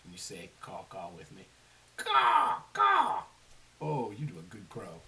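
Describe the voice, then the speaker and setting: Reading a picture book to children in a low voice at a slightly fast pace, a man tells the story with animation and stops to put questions to his listeners. Faint hiss is audible, and he sits a little far from the mic.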